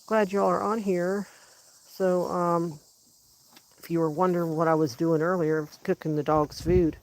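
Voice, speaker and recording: Speaking at a normal speed in a lowish, slightly mellow voice with fairly even intonation, a livestream host drifts from subject to subject as she chats with her viewers. She's warm and meandering, using a sing-song baby voice whenever she addresses her dogs, and she moves between her kitchen and backyard at home.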